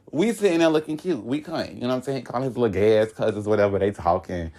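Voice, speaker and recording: A young man from Florida telling a long story in casual chat, animated, laughing often, with sudden high-pitched outbursts and slang-heavy speech. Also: a little fast. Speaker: podcast guest telling a story.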